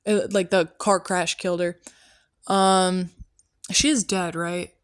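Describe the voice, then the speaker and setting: A woman's voice: lowish voice, level tone, slow, clean tone, no echo, studio quality. A woman hosting a comedy podcast in character as a prophet, talking in an offhand, rambling way with many tangents.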